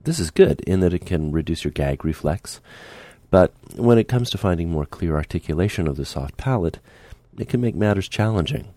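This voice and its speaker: Man, speech teacher, very low pitch, patient, demonstrates sounds, dry close recording. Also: lively intonation, normal speed, warm tone, dry recording. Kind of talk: instructional speech lesson.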